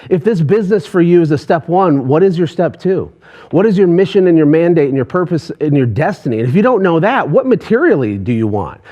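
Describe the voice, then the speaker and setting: A man's voice: a little high, dark tone. A man, a business coach, giving a passionate motivational talk to an online audience, pushing hard with rhetorical questions.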